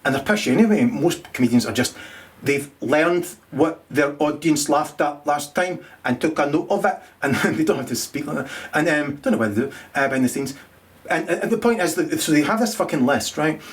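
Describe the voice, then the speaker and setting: A middle-aged man rambles through a crude comic monologue. He swears freely, trips over his own restarts and chuckles at his jokes, his voice sitting a touch high for a man. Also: animated, moderate pace. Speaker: comedian.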